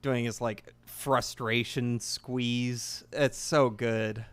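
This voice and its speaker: A man's voice: medium pitch, fairly even intonation, extremely slow, smooth, no room sound. A man in his twenties chatting casually while playing a game, rambling and enthusiastic. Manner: rambling, enthusiastic, restarts often. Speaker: gaming video creator.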